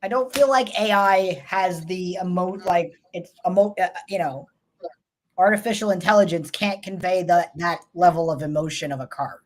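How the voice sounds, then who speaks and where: A woman's voice: on the low side, normal speed. A woman with a New York accent co-hosting a casual livestream chat, talking in a rambling, self-interrupting way. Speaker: co-host.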